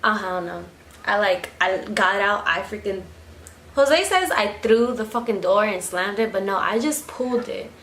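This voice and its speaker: A young woman vlogger casually recounts a story at home, swearing freely and acting out quotes in an animated retelling. Her voice sits at a medium pitch with a moderate pace. The camera mic picks up an echoey room and faint background noise.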